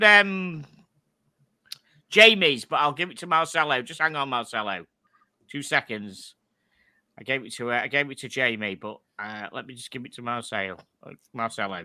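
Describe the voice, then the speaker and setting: A man's voice: on the high side, sharp tone, dry recording, studio quality. A man hosting a casual live stream, chatty and jokey, rambling between guests. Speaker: host.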